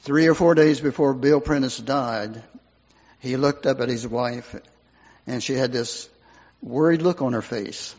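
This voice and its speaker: A man's voice: mid-range voice, unhurried, a little mellow, husky. An older man, a pastor, delivering an earnest funeral sermon, his voice swelling and dropping for emphasis. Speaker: pastor giving a eulogy. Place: church sanctuary. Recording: muffled hall recording with long reverb.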